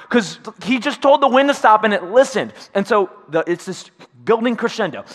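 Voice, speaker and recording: A man's voice: sits high, expressive, brisk, fairly bright tone, big-room sound. A man preaching a sermon in a church, talking conversationally and often checking in with his listeners. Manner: conversational, acts out quotes, checks in with "right?". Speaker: pastor. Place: church sanctuary.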